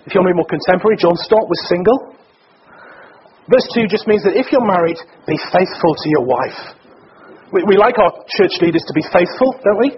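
A high-voiced man preaching to a church gathering, chatty and joking as he tosses questions to the room. The recording is muffled and lo-fi, with a faint hiss underneath. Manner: conversational and joking, quizzing the congregation. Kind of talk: sermon.

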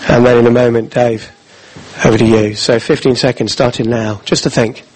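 A man telling a Bible story in the first person in a church, halting and repeating words as he speaks. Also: medium pitch, steady tone, darkish tone, husky, low-quality recording.

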